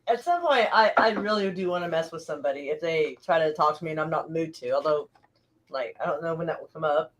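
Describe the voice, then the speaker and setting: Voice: medium pitch, fast talker, a bit bright, poor audio. Host: American, laid-back casual chat, easily amused. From United States.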